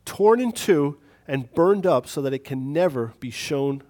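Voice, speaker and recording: A man's voice: fairly high pitch, animated, a little slow, darkish tone. Man preaching a chatty sermon. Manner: conversational, self-deprecating, chuckles at himself. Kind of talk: sermon with personal story.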